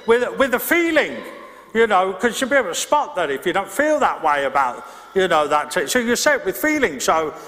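In a church hall full of echo, a middle-aged pastor with a high, sharp voice delivers a conversational sermon. He breaks off to restart his thoughts and speaks directly to the congregation in asides.

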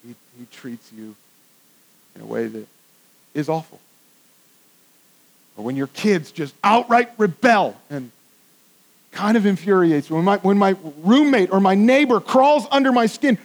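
A pastor preaching a conversational sermon to a congregation, swinging from hushed, soft remarks to loud, emphatic lines. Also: male voice, sits high, sing-song, unhurried, poor audio. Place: church with congregation.

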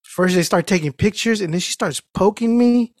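At a normal pace, a podcast host with a fairly high voice chats casually, recorded close and dry. He's loose and profane, restarting his sentences constantly as he rambles through anecdotes and peppers nearly every idea with "dude."

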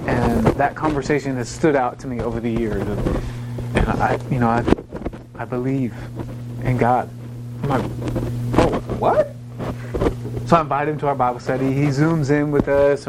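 A man's voice: mid-range voice, steady tone, brisk, very noisy. A man preaching a sermon on evangelism, mixing casual asides and stories with passionate, urgent appeals. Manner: passionate, builds to urgent raised pleading.

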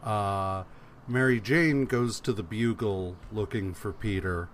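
A man's voice: on the low side, slow, slight background noise. A man on a podcast recapping a comic casually, swearing and acting out the characters' lines as he goes. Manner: profane, acts out characters' lines while retelling. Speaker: podcast co-host.

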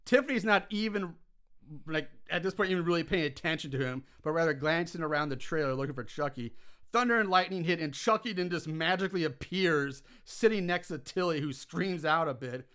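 A man casually recapping a film plot for a podcast, animated and swearing when worked up. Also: fairly high pitch, fairly quick, clean tone. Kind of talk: casual chat.

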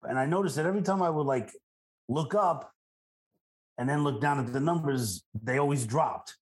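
A man hosting an interview podcast, chatting in a relaxed way and sharing personal anecdotes. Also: medium pitch, moderate pace. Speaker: podcast host. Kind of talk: casual conversation.

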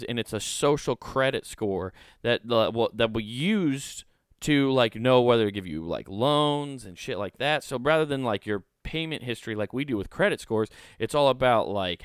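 A male podcast host riffs on news articles, rambling and swearing freely as he jokes along. His voice is smooth and clear, and the recording sounds dry and close. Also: mid-range voice, no echo. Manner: rambling, profane, joking.

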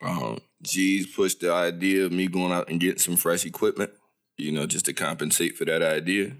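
Casting: young man, deep voice, stuffed-up nose, loose slangy podcast host, studio mic. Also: fairly even intonation, normal speed. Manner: loose, slangy, swears freely. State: congested. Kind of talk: casual chat.

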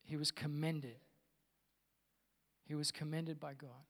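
A male pastor preaches in a relaxed, conversational tone, with a fairly high voice. Long reverb from a church hall trails his words. He drops in casual asides as he talks. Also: takes it slowly. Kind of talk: sermon.

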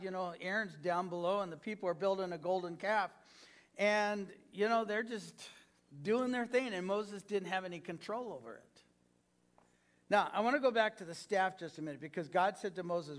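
Man, pastor, sermon, high voice, dramatic swings in loudness. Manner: preaching to a congregation, acting out quoted lines with swings in pitch and loudness.

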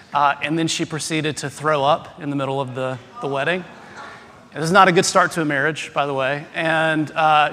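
A man, a pastor, delivering an Easter sermon, shifting between a soft prayer and humorous stories told to his congregation. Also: fairly high pitch, slight background noise. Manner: humorous storytelling with self-deprecating asides. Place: large church sanctuary. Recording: long hall reverb.

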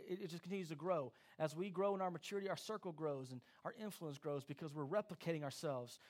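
A man preaching a sermon as pastor, animated and acting out quoted voices. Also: high-pitched.

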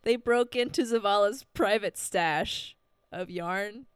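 A woman co-hosting a podcast in casual chat, chatty and quick to laugh. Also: medium pitch, clean tone, no room sound, studio quality. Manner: chatty, giggly. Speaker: podcast co-host.

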